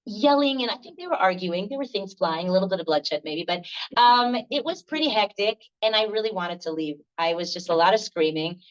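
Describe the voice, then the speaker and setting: Animated older woman telling stories. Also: mid-range voice, fairly quick, muffled recording. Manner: animated, laughs often, acts out quoted voices. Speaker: laughter workshop leader. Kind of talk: storytelling workshop talk.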